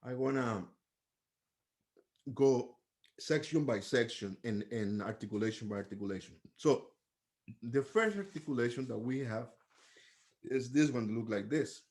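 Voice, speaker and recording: A man's voice: medium pitch, a little slow, pauses often, darkish tone. Man patiently teaching trumpet articulation. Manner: patient, explains step by step, sings syllables to demonstrate. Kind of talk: music lesson.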